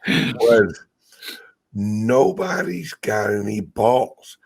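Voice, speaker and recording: A man's voice: on the low side, lively intonation, drawn-out words, slightly rough. A man hosting a casual podcast conversation, talking bluntly with profanity and hesitant restarts. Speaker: podcast host.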